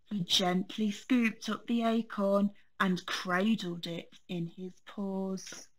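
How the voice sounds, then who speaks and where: A woman teacher reading a children's storybook aloud, gentle and expressive. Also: mid-range voice, takes it slowly.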